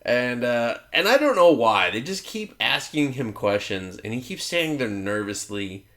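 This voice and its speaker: A man's voice: mid-range voice, sing-song, moderate pace, a bit bright. A man co-hosting a casual comedic movie review chat, profane and jokey, acting out characters in exaggerated voices. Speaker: podcast co-host.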